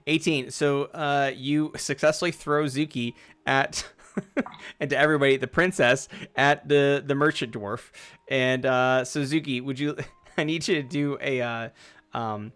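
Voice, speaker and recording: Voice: mid-range voice, steady tone, measured pace, fairly bright tone, smooth. A game master running a tabletop role-play game, narrating with many fillers and laughs.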